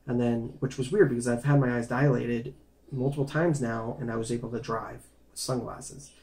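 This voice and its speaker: A man's voice: medium pitch, moderate pace. A man casually recounting a personal medical story, rambling and conversational, with many restarts and fillers. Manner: animated and emphatic in tense moments.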